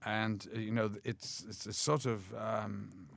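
An older man being interviewed, telling lively anecdotes and mimicking others as he goes. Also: unhurried, gravelly, no room sound. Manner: lively storyteller, mimics others with big pitch jumps, laughs often. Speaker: actor guest.

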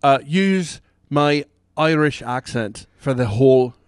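A man's voice: medium pitch, animated, slow pace, clear, resonant tone, dry recording, studio quality. A man hosting a podcast, chatting casually in a rambling, joking way with plenty of fillers. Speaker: podcast host. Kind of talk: casual chat.

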